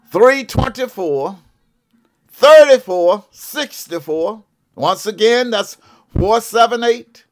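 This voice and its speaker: With a smooth, high voice, a Southern-accented televangelist prophet from Georgia, in his seventies, makes a fervent appeal in a broadcast studio. He's preachy, keeps saying "what I'm saying," and calls out "yes ma'am, yes sir" to his listeners.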